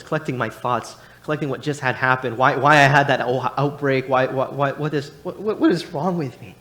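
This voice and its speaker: A man's voice: medium pitch, a bit bright. A young adult man preaching in church, telling a personal story with frequent restarts and repeated words. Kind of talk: sermon. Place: church sanctuary.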